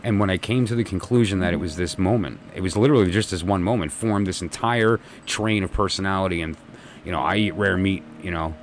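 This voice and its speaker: A man's voice: low voice, fairly quick, slight background noise. A middle-aged man, a tarot reader, telling a personal story in a reflective, meandering monologue with many restarts and fillers. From New York.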